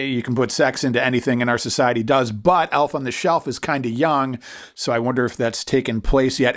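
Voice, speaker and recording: A man with an ordinary mid-range voice chats on a podcast. He muses aloud in a relaxed way and slips in deadpan, wry jokes. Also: medium pitch. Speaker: podcast co-host. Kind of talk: casual chat.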